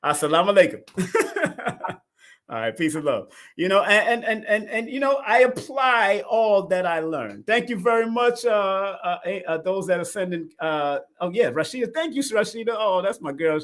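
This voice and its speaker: A middle-aged man with a slightly high voice hosts a casual live numerology show. He talks in animated bursts, often laughing, and swings between loud exclamations and quiet asides. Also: moderate pace. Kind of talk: casual live-stream talk.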